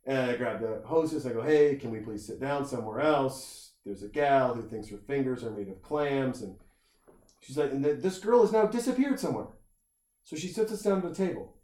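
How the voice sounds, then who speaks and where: A man's voice: medium pitch, moderate pace. Man telling a wild story, roomy sound. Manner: animated anecdote telling with quoted voices and swearing. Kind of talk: casual storytelling chat. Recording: roomy echo.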